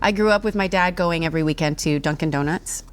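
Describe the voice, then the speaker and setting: Soft music plays behind a low-pitched, fast-talking woman from Texas, a voice actress who is a guest in a studio kitchen. She chats animatedly over a meal in this casual interview, laughing a lot.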